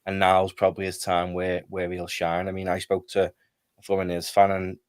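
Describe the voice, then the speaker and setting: A man's voice: sits low, completely flat delivery, normal speed, clear, resonant tone, no echo, studio quality. A man co-hosting a casual football chat, talking loosely and hesitantly as he thinks aloud. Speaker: co-host.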